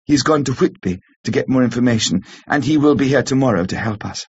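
A man's voice: medium pitch, fairly quick, a little hiss or hum, natural voice. A man reading an earnest young woman. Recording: slightly muffled lo-fi recording.

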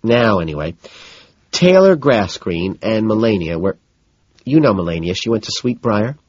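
A man's voice: fairly low pitch, sing-song, breathy edge, no echo, lo-fi sound. A man reading an audiobook voices a chatty, exasperated wealthy young woman who scolds and gossips. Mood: gossiping. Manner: gossipy, scolding, quick to dismiss.

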